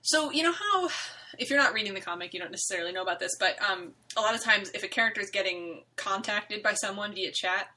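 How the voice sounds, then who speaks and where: The audio is poor, and the woman speaks fast in a medium-pitched voice. Co-hosting a podcast, she chats casually about a webcomic, lively and emphatic, her speech heavy with fillers.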